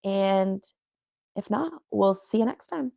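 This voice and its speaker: A woman's voice: medium pitch, animated, slow, gravelly, mellow, no room sound. A young woman co-hosting a casual podcast, chatty and giggly, with lots of fillers. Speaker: podcast co-host. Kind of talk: casual chat.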